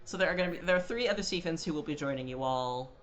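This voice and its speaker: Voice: medium pitch, very fast, fairly bright tone, slight background noise. A game master casually narrating a tabletop role-playing game with fillers and laughter.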